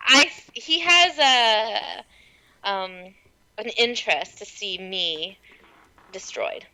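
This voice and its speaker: A woman's voice: a little high, sing-song, very slow, sharp tone, low-quality recording. A woman playing a tabletop role-playing game, chatting casually, giggly and scattered, fumbling for words. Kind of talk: casual improvised role-play.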